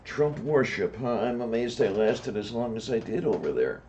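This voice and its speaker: A man co-hosting a casual chat, relaxed and rambling, with dry asides. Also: medium pitch, normal speed. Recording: dull lo-fi sound with faint noise.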